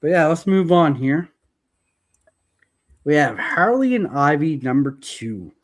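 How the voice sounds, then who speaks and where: A man's voice: a little high, sing-song, takes it slowly. A man hosting a casual comics podcast, reading out blurbs with joking asides. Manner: jokey, reads out blurbs with asides. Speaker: podcast host. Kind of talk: casual comics review chat.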